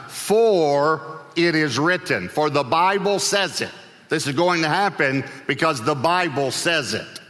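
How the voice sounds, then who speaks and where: Guy preaching, funny, bright forceful voice, shouts now and then, big echoey church. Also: medium pitch. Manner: humorous, acts out Bible voices, bursts into shouts. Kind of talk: sermon.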